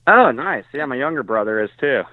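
Excited male caller on a tinny, dry phone line. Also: mid-range voice, a little fast, no room sound. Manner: excited, laughing. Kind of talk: casual chat.

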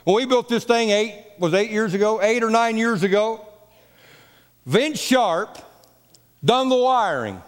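A pastor preaching in his church with a high voice and a folksy, repetitive manner. His words carry a long church reverb. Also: lively intonation, measured pace, long pauses. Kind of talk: sermon. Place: church sanctuary.

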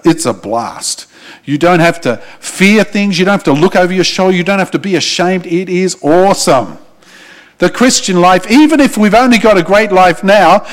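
An Australian man preaching a sermon, earnest and urgent, dropping soft and low when he pleads with listeners. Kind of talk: sermon with altar call.

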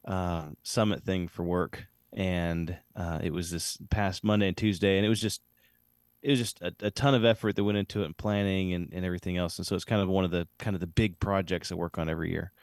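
A man in his thirties, a podcast co-host, telling a casual story with lots of fillers and animated retellings. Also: deep voice, fairly quick, no echo, clean studio sound.

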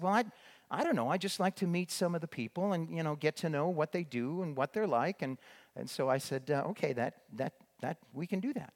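An older man recounts his missionary years in a loose storytelling talk. He rambles, restarts his sentences and fills pauses with "uh" and "you know". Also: mid-range voice. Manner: rambling with many restarts and fillers. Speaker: former missionary.

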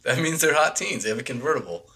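A man cracking dry, crude jokes while watching a show with friends. His voice sits at an ordinary middle pitch. He keeps the chat loose and offhand. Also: lively intonation, quick pace, pushed and bright. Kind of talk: casual reaction chat.

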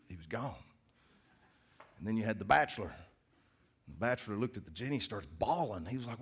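A man's voice: on the low side, animated, fairly quick, pauses often, husky. Joking, conversational male pastor. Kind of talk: sermon. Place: church.

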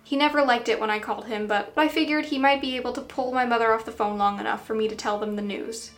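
Brief: female first-person story narrator, earnest, higher voice, light music bed. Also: fairly even intonation, fast.

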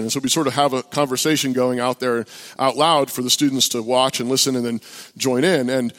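A man, a pastor, telling a story in a halting sermon style full of fillers and restarts. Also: medium pitch, steady tone, a bit bright. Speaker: pastor and open-air preacher. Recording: long hall reverb.

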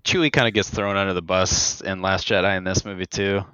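Bright-voiced young man, chatty commentary. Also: low voice, fairly even intonation, a little fast, clean tone, no echo, lo-fi sound. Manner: chatty, frequent "like" fillers, quotes characters sarcastically. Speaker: film commentary co-host. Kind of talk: casual movie commentary chat.

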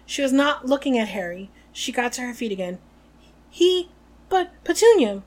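A woman co-hosting a podcast, narrating a novel aloud in an expressive way and chatting about it. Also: a little high, a little fast. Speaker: podcast co-host.

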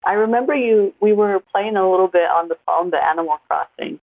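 A woman in her forties co-hosts a casual chat, telling stories in an animated way. Her voice sits low with a gravelly fry. The sound is dry and tinny, like a phone line. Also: a little fast, no room sound. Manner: chatty, animated storytelling. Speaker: podcast co-host.

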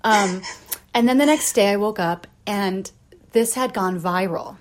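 Chatting casually on her podcast, a woman in her late thirties tells a candid story punctuated by frequent laughs. She speaks at normal speed in a medium pitch with lively intonation.

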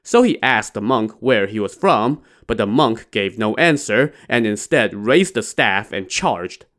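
A man's voice: fairly low pitch, lively intonation, unhurried, fairly bright tone. Man retelling a classic with wry asides. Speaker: storyteller. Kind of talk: casual retelling of a classic novel.

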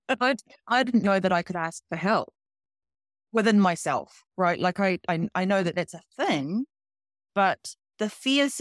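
A woman's voice: medium pitch, lively intonation, moderate pace, dry recording, clean studio sound. Emphatic woman swearing for emphasis. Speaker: podcast guest. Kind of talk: candid recovery chat.

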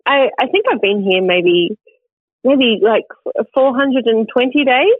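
A woman's voice: a little high, animated, measured pace, no echo. A giggly, self-deprecating woman with a Western Australian accent, talking as a comedian guest in a radio interview. Her voice comes through a tinny phone line. The sound is dry, with no room behind it.

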